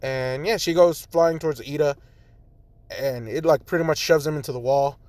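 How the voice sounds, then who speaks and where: A man's voice: on the high side, normal speed, a little mellow, no echo. A man improvising a fan story in a rambling, casual way, full of fillers, recorded on a phone.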